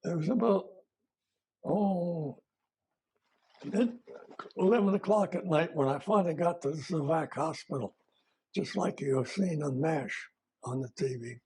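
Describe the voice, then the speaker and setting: An older retired army veteran man recalling his service in a plain-spoken, halting way, with fillers and self-corrections. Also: a little high, a little mellow, slightly rough. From United States. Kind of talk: oral history recollection.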